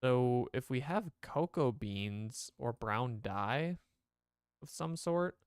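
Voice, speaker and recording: Male streamer, smooth voice, loose chatty play-by-play. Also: mid-range voice, lively intonation, slow pace, no room sound, clean studio sound. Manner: rambling, chatty, talks to chat. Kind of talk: casual game commentary.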